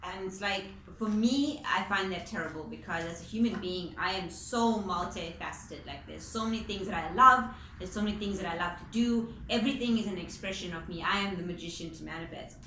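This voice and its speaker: A woman's voice: mid-range voice, fairly quick, hardly any pauses, bright, forceful tone, a little hiss or hum. A woman giving a casual spoken tarot reading as its reader, chatty and informal, with the odd swear word. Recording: echoey room with faint ambience.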